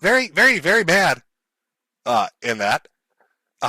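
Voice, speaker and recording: Male commentary host: high bright voice, dry close sound, crude and mocking delivery with frequent laughs. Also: sing-song, moderate pace, long pauses, husky, dry recording. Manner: profane, sneering, laughs often.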